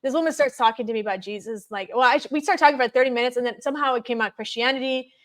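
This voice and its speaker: A woman's voice: fairly high pitch, racing, a bit bright. A woman telling personal stories in a casual, chatty way, peppering her talk with "like". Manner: chatty, many fillers of "like". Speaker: guest. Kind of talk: casual conversational storytelling.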